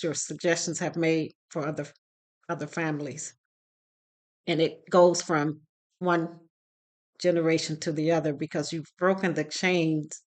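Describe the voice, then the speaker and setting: Lady parenting coach telling a story into her phone, kinda low voice, acts out the quotes. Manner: retells dialogue with quoted voices, emotional. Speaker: parenting class instructor. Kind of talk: casual storytelling to camera. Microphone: phone recording herself.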